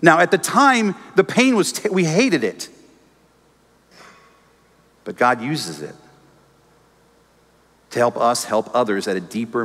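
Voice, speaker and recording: A male pastor delivering a lively sermon in a church auditorium, slipping into voices as he quotes people and trading jokes with the congregation. His middle-pitched voice carries a long, ringing hall reverb.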